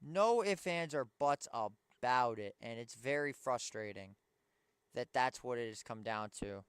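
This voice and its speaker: A man's voice: mid-range voice, expressive, a little slow, clear, resonant tone, dry recording. Young male fan-host, tired and frustrated, clean resonant voice, dry room. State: tired, yawning. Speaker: sports show host. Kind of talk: pregame basketball commentary.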